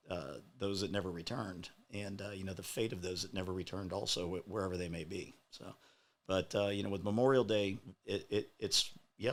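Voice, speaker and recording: A man on a casual talk show, speaking in a measured, reflective way with many fillers. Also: deep voice, fairly bright tone.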